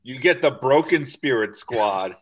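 A man co-hosting a podcast, cutting in with deadpan jokes. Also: medium pitch, a little slow, rough recording. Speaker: podcast co-host. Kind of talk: casual chat.

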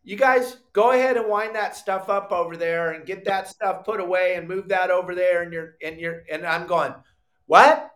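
A middle-aged man hosting a live fishing podcast, telling a story with lively acted-out quotes and bursts of shouting. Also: sits high, moderate pace, few pauses. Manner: animated storyteller, acts out quotes, shouts when excited. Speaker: podcast host.

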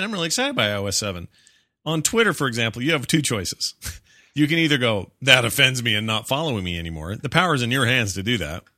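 A man's voice: mid-range voice, bright, forceful tone, dry recording, studio quality. A man hosting a casual podcast chat, talking animatedly and acting out the voices he quotes.

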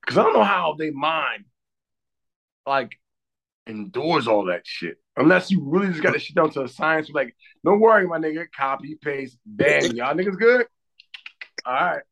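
A man's voice: a little high, animated, normal speed, creaky, fairly bright tone. A tired man on a podcast, talking in a casual, profane, joking way and laughing often. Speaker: podcast co-host. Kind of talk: casual chat.

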